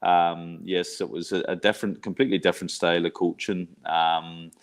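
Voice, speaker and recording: A man's voice: low-pitched, level tone, moderate pace. A middle-aged man from Ireland, a college coach, talking things over reflectively with lots of fillers and restarts. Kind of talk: casual interview talk.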